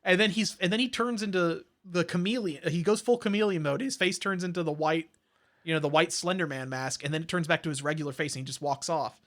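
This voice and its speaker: A man rambling through a movie plot in a casual podcast, stacking up fillers and restarts. His voice is bright and a little high, and he keeps it chatty. He tells the recap at length. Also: brisk. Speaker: podcast co-host. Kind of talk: casual chat.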